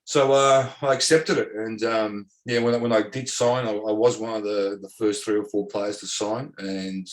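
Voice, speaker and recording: Brief: middle-aged Australian ex-footballer, low-ish voice, rambling anecdotes full of fillers. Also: male voice, fairly even intonation, moderate pace, hardly any pauses. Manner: rambling, repeats words, many fillers. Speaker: former professional footballer, guest. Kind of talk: casual interview storytelling.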